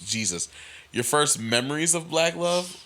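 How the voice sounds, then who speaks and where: A man's voice: on the high side, animated, measured pace, bright, forceful tone. A man co-hosting a podcast in casual chat, laid-back and asking the questions. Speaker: podcast co-host.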